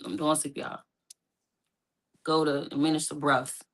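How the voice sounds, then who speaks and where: Woman guest, lowish voice, telling her own story in casual speech; spikes high when upset. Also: little pitch movement, moderate pace, a little hiss or hum. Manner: emotional, rising to high pitch when distressed; speaks casually with informal phrasing. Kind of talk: personal storytelling in conversation.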